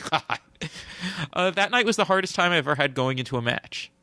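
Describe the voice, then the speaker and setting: A man's voice: a little high, lively intonation, a little fast, sharp tone, no room sound. A man co-hosting a podcast, reading a story aloud in a mock-solemn tone and chatting casually. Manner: reads aloud with mock solemnity, breaks into laughter. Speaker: podcast co-host. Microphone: close studio mic.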